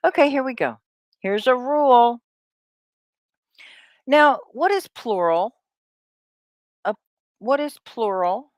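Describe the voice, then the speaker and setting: A woman's voice: fairly low pitch, no echo, clean studio sound. A woman teaching an English class on a live stream, stretching out sounds to model them and making chatty asides to the chat. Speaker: ESL teacher.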